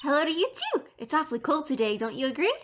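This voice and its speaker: A woman's voice: high voice, sing-song, fast talker, a little hiss or hum. Woman doing a chirpy girl sidekick.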